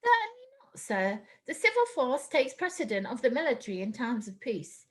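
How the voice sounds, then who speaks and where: A woman's voice: fairly high pitch, sing-song, moderate pace, a bit bright. A woman reading the part of a cheeky, boastful man who banters with the maid. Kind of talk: script read-through.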